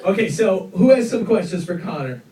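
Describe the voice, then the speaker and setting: A male radio host moderating a fan Q&A, calling on people in the audience in an upbeat, brisk way. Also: high voice, expressive, warm tone. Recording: echoey room, distant mic, crowd and noise.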